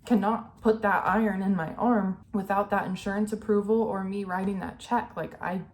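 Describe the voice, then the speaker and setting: A woman's voice: mid-range voice, steady tone, moderate pace, slight background noise. Earnest young woman vlogging candidly. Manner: earnest, emotional, filler-heavy with "like" and "you know". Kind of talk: candid personal vlog.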